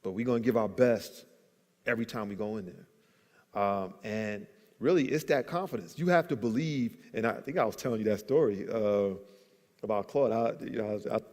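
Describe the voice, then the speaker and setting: A man's voice: fairly low pitch, normal speed, a little mellow. A man telling a business story at a church event, acting out the people he quotes. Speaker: guest entrepreneur. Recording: long hall reverb.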